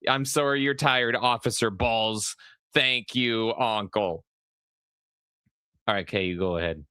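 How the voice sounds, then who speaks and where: Bright, crisp man co-hosting a podcast. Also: lowish voice, slow pace, no room sound, studio quality. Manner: excitable, swears freely. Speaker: podcast co-host. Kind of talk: casual chat.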